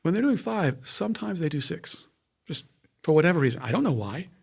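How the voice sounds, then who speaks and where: A man's voice: on the high side, big pitch swings, fairly quick, vocal fry, slightly rough. A man, a neuroscientist guest, explaining his research in a casual interview, with frequent restarts and everyday analogies.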